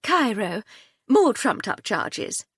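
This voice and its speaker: A woman's voice: a little high, sing-song, takes it slowly, a bit bright, slightly rough, no room sound, voice pushed up, heavily acted. A woman narrator voicing a witty, unflappable upper-class lady detective with a dry, breezy manner.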